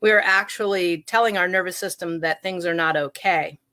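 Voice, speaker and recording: A woman's voice: fairly low pitch, normal speed, sharp tone, no room sound. A woman speaking as a guest on a conversation podcast, candid and self-deprecating, laughing easily at herself. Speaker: guest, trauma awareness activist. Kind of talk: reflective conversational talk.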